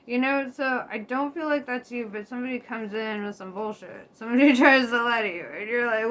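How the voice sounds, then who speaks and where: A woman's voice: fairly high pitch, normal speed, a bit bright. A young woman giving a casual tarot reading to her viewers, chatty and loose, laughing often and swearing freely. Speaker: tarot reader. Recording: faint background noise.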